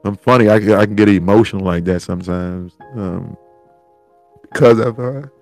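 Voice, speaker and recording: Male podcast host, lower register, rambling heartfelt monologue over soft background music. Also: normal speed. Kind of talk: solo reflective monologue.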